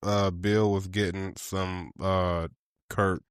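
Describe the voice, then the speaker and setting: A man's voice: low voice, little pitch movement, slow, clear, resonant tone, dry recording, clean studio sound. A man co-hosting a podcast with a laid-back, teasing way of talking. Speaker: podcast co-host. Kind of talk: casual banter.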